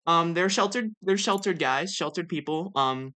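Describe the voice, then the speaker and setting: A young woman streamer chatting casually over a game, excitable and gushing, often stumbling over her words. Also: on the low side. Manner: excitable, gushing, with fast repeated restarts. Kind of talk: casual let's-play commentary.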